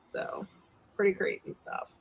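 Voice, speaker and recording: Brief: woman, thirties, relaxed casual host who reacts briefly and reads out viewer comments. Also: measured pace, low-quality recording. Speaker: host of a talk livestream. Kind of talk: casual chat.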